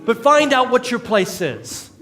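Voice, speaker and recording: A man's voice: very high-pitched, huge pitch swings, a little slow, crowd noise. A male pastor, preaching a conversational sermon with jokes and acted-out quotes in a church. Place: church sanctuary.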